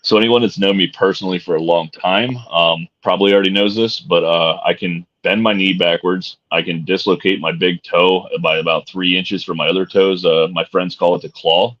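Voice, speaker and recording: A man's voice: deep voice, steady tone, moderate pace, hardly any pauses, fairly bright tone. A middle-aged man co-hosting a podcast, chatting casually with a laid-back, joking and profane manner. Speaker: podcast co-host. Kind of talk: casual chat. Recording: dull lo-fi sound.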